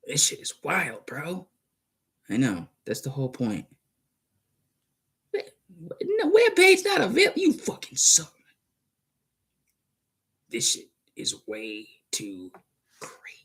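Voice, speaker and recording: A man's voice: mid-range voice, very animated, slow pace, pauses often, fairly bright tone, breathy edge. A man rambling and cursing in a casual monologue, arguing back and forth with himself. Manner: profane, rambling, argues with himself.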